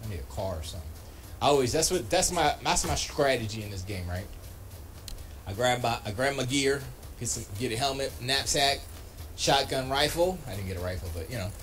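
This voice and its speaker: A man's voice: mid-range voice, animated, fairly quick, a bit bright, a little hiss or hum. A man chatting casually on a live stream while gaming, slangy and trash-talking. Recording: music playing behind. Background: music.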